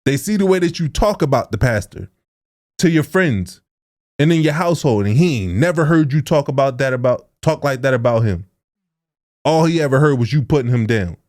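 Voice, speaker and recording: A man's voice: medium pitch, darkish tone. A young adult man co-hosting a podcast, talking casually and earnestly, with informal, preachy speech. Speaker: podcast co-host.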